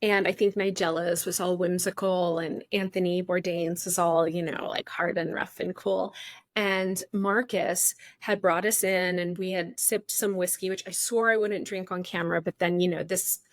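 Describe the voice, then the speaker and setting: A woman's voice: on the low side, fairly even intonation, moderate pace, no echo, studio quality. A middle-aged woman hosting a podcast, telling a story in a candid, chatty way that jumps around. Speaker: podcast host. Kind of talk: casual storytelling.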